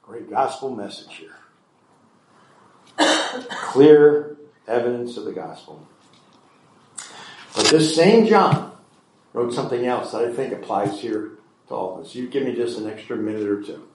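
A man's voice: mid-range voice, animated, measured pace, pauses often, darkish tone, slight background noise. Preaching man in an echoey room. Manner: reads verses aloud then explains them conversationally. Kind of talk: sermon with scripture reading.

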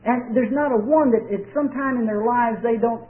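A male preacher with a fairly high voice, delivering a sermon in a folksy, storytelling way. He drags out key words and leaves long, weighty pauses between them. The sound is thin and tinny, like an old radio broadcast.

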